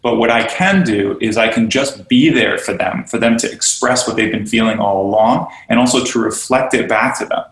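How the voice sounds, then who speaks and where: With a medium pitch, normal speed and few pauses, this man is a podcast guest who owns a yoga studio and trains teachers. Earnest and animated, he discusses teaching and belonging, frequently mimicking those he quotes; the room echoes noticeably.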